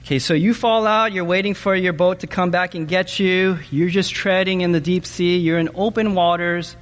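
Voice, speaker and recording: A man preaching a sermon in an animated way, often asking his listeners questions and checking in with them with "okay?". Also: high-pitched, moderate pace, long reverb tail. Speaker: pastor.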